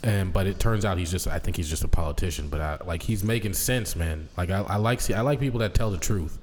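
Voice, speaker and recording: A man co-hosting a podcast in casual chat, rambling and animated with lots of restarts. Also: low voice, fast. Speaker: podcast co-host. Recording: long hall reverb.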